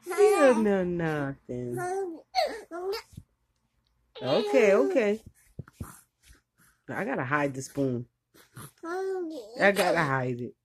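Older grandma cooing and teasing a baby at dinner, slow talk, pitch bouncing all over. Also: female voice, big pitch swings, noisy background. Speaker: grandmother feeding her grandson. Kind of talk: casual talk while feeding a baby.

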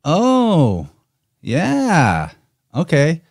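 A man's voice: on the high side, wildly swooping pitch, very slow, vocal fry, a little mellow, no echo, clean studio sound. A man talking as a podcast guest, chatty and musing, laughing easily. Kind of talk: casual conversation.

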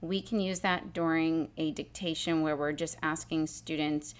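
A woman teacher calmly explaining a spelling exercise step by step, sounding out letters and sounds as she goes. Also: sits low, moderate pace. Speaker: literacy teacher. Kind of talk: instructional demonstration.

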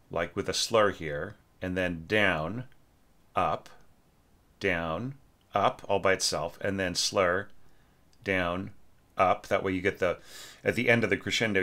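Low-voiced man thinking aloud. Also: sharp tone. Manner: thinking aloud, hesitant with many restarts; sings short phrases on nonsense syllables. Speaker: orchestration teacher reviewing a student score. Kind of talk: casual spoken critique.

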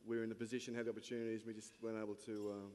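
A man, a head coach, answering on stage in a measured, candid way with frequent fillers. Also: lowish voice, little pitch movement, a little mellow. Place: large function hall at a lunch event. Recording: long reverb in a big hall.

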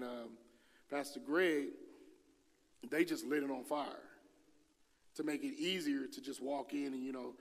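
A man preaching a sermon in a relaxed, conversational way, acting out quoted voices with casual slang. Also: medium pitch, long reverb tail. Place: church hall.

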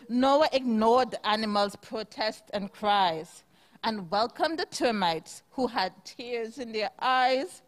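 A woman reads a rhyming picture book to children during a church service, stretching each line slowly in a sing-song rhythm. Her voice sits fairly high, and she pauses to quiz the kids along the way. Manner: slow, sing-song read-aloud, asks the children questions.

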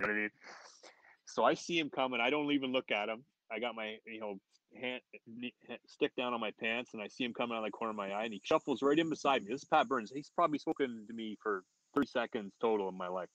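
A man, a former hockey player, telling an anecdote in casual chat as a podcast guest, animated and laughing often. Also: medium pitch, fast, no room sound, rough recording. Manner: animated, laughs often, quotes others in raised voices. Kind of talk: casual storytelling.

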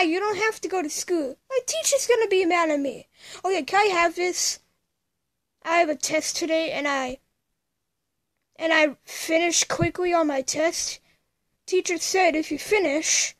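A woman's voice: extremely high pitch, measured pace, fairly bright tone. A young woman doing playful childlike voices in a homemade play, shifting between several characters.

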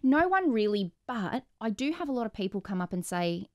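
A woman's voice: mid-range voice, very animated, a little fast. Woman co-host chiming in. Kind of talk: casual chat.

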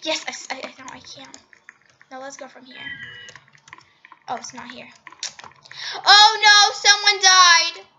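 A woman with a high, bright voice narrates her gameplay in an excitable, unhurried way. She gasps and laughs at her own slip-ups, with faint game music playing behind her. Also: a little hiss or hum, low-quality recording. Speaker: gaming channel host. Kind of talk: casual game commentary.

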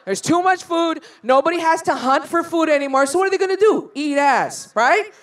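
A woman's voice: very high-pitched, animated, moderate pace. A woman doing a stand-up set at a live venue, brash and profane, teasing the crowd. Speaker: stand-up comedian.

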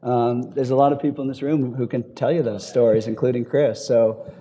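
A man speaking on a panel discussion in a hotel ballroom, an animated storyteller with quick asides and chuckles. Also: medium pitch. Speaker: panelist, advocacy group leader.

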